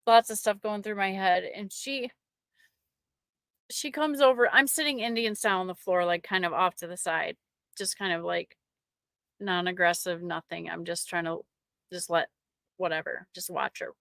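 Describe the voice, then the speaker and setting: A middle-aged woman sharing a personal faith testimony with an online audience, emotional and halting, often restarting her sentences. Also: fairly low pitch, fairly even intonation, creaky, fairly bright tone, no echo, clean studio sound.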